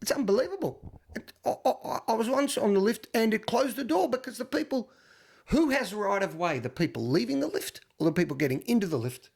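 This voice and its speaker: An Australian man co-hosting a podcast, telling animated anecdotes in casual chat with frequent stammered restarts. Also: high-pitched, a little fast, gravelly. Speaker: podcast co-host.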